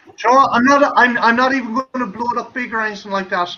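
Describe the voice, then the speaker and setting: An Irish man in casual stream chat, talking quickly and swearing heavily. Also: very high voice. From Ireland. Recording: dull lo-fi mic with faint hiss.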